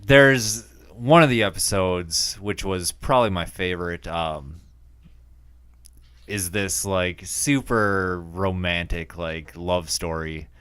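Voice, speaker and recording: A man's voice: low-pitched, takes it slowly, a bit bright, clean tone, no echo. A man co-hosting a podcast, chatting casually in a hesitant way with many fillers. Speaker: podcast co-host. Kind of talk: casual chat.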